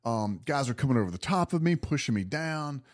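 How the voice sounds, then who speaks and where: A man guest on a podcast, telling a story in a casual, animated way, laughing and restarting his sentences. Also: mid-range voice, fairly quick. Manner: animated, laughing, lots of restarts and acted self-talk.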